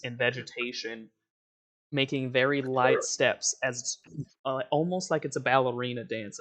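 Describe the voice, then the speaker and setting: A man narrating a tabletop role-playing game as game master, laughing often and adding quick, loose asides. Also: mid-range voice, fairly bright tone.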